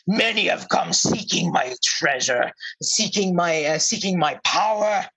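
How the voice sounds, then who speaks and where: Guy doing a big cursed bear prince, slow and suspicious, stiff. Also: sits high, animated, creaky, sharp tone, slightly rough, full character voice, poor audio. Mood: wary. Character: cursed prince as a huge male bear, wary and proud.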